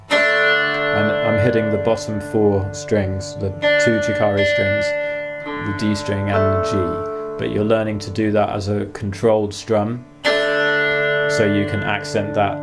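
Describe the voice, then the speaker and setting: A guitar teacher leads a masterclass, calmly explaining practice exercises and counting beats out loud between demonstrations. His voice sits on the low side with a measured pace, and faint guitar playing can be heard in the background.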